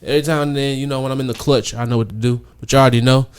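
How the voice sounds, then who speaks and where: A man's voice: medium pitch, steady tone, very fast, smooth. St louis guy hosting a podcast, chill and slangy, plugging the show. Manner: laid-back, hypes the show with slang. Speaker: podcast host. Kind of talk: casual podcast chat.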